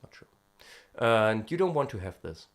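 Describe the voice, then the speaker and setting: A European vocal student vlogs casually about singing technique, hesitant and full of fillers, occasionally stopping to demonstrate short sounds. His voice is fairly low, swings widely in pitch, and moves at normal speed.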